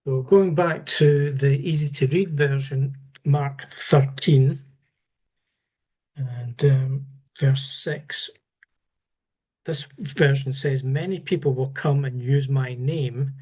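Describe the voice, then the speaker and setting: Slow, halting man teaching. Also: medium pitch, steady tone, darkish tone, breathy edge. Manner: measured, halting, with repeated restarts. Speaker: Bible teacher. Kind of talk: unscripted Bible study talk.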